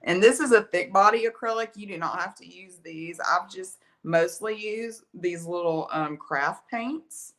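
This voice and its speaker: A woman's voice: on the low side, unhurried, few pauses, a bit bright, slight background noise. A woman with an Alabama accent giving a chatty, folksy live painting tutorial, with a slight lingering cough. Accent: Alabama Southern US. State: lingering cough after being ill. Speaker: art instructor.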